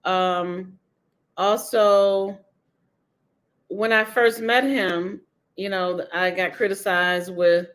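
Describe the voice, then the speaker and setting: A woman's voice: medium pitch, fairly even intonation, very slow, long pauses, a bit bright. A woman author being interviewed, talking candidly and emphatically, laughing often.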